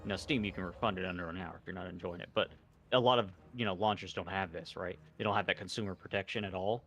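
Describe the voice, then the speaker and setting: A man's voice: sits low, steady tone, fast talker, creaky, fairly bright tone. A man co-hosting a casual stream chat, agreeing readily and adding his own points. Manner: agreeable, chiming in. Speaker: co-host, streamer.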